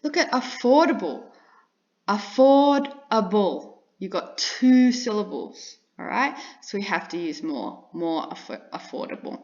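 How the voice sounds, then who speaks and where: A woman teaching an English grammar lesson, explaining slowly and repeating each example. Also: mid-range voice, big pitch swings, dull audio. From Australia.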